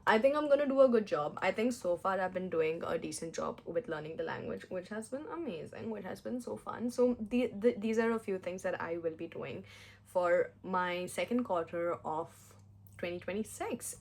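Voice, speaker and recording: A woman's voice: medium pitch, animated, normal speed. A young woman chatting casually on her vlog while doing her makeup, giggly and self-mocking. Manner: chatty, giggly, self-mocking, with playful mock-Italian put-on phrases. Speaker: vlogger.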